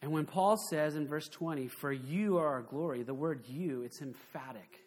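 A man preaching a sermon in an animated, conversational way, full of rhetorical questions. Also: on the high side, moderate pace. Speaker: pastor.

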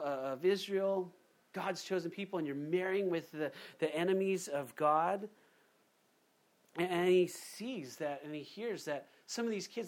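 Man preaching a lively casual sermon. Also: sits high. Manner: conversational, animated preaching with acted-out quotes. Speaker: pastor.

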